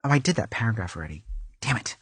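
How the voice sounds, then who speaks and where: A man playing a vain, self-absorbed woman author who reads her florid travelogue aloud in a deadpan comic style, fussing over and restarting her lines in a recording booth. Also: fairly low pitch, racing, breathy edge, no echo, full character voice. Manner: fussy, florid, keeps restarting and correcting lines. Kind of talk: deadpan comic audiobook reading.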